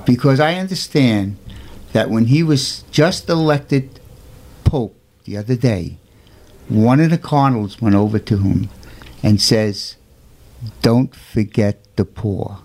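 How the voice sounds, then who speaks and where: A storyteller presents a saint's life in an informal, earnest manner, slow and a little mellow. He's emphatic, leaning on rhetorical questions and raising his pitch for quoted voices.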